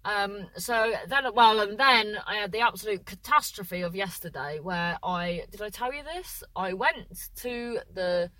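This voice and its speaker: A woman's voice: mid-range voice, lively intonation, measured pace, hardly any pauses, pushed and bright, no echo, poor audio. Congested woman rambling in a car. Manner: rambling, tangential and self-mocking. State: congested, with a runny nose. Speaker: podcast co-host. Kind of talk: casual chat. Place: parked car.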